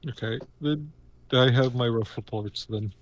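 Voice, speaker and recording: A man's voice: mid-range voice, measured pace. A man playing a tabletop game with friends, talking hesitantly with frequent restarts. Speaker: player. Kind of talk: casual tabletop game chat.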